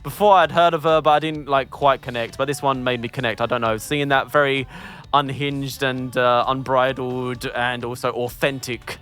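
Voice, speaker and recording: A man's voice: mid-range voice, steady tone, moderate pace, fairly bright tone, soft background music. A man reviewing an album in casual group chat, enthusiastic and rambling, with many fillers.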